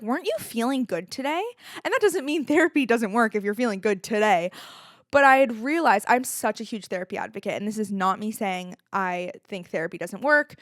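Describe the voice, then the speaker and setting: A woman's voice: mid-range voice, no room sound, studio quality. A young woman, hosting a solo podcast in a candid, casual, chatty way, with filler likes and the odd swear word. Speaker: podcast host.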